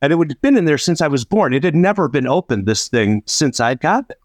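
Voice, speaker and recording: In clean studio sound with no room echo, a man with a voice on the high side speaks a little fast. He co-hosts a podcast, telling a story in casual chat as an animated storyteller who laughs often and acts out what people said.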